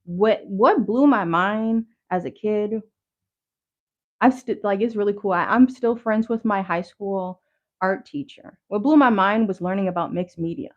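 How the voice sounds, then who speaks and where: A woman's voice: medium pitch, unhurried. A woman chatting on a casual livestream. She rambles in loose slang, full of fillers and restarts, and talks straight to her viewers. She sounds a little out of breath, and the stream audio is slightly dull and lo-fi. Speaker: livestream host showing handmade crafts.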